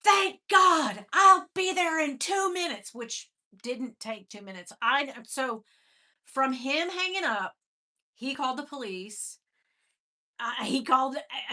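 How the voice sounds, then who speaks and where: Bright high-voiced woman telling her story. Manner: casual, candid, swears, calls viewers "girl"; emotional, greets viewers from chat. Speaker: livestream host. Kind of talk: personal storytelling on a livestream.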